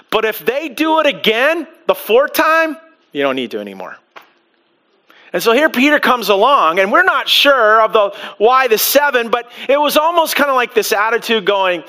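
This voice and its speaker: A male pastor preaching to a congregation in church, animated and full of restarts, acting out quotes as he goes. His voice sits high for a man and has a bright, forward edge. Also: smooth. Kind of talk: sermon. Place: church before a live congregation.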